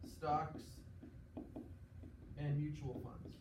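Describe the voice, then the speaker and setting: A teacher lectures his class, his voice a touch higher than most men's, with fairly even intonation. He explains patiently, stops often to make sure students follow, and acts out quick examples. The distant mic catches an echoey classroom and a faint hiss underneath.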